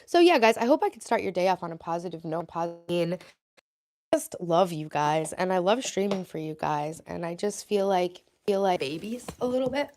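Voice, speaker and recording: A young woman talks on a casual live stream, reading out her viewers' comments and answering them as she goes. Her voice sits a little low for a woman. She talks in a chatty way, straight into a desk mic. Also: animated, moderate pace, a little mellow. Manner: chatty, reads and answers chat aloud.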